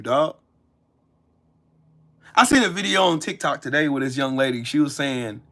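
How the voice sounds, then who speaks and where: Angry guy ranting at his chat, cussing nonstop, voice jumping all over the place, kinda bright and edgy. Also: expressive, normal speed, long pauses. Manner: angry, profane, cussing out viewers; swings between loud shouting and low muttering. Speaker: livestream host. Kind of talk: live-stream rant answering chat.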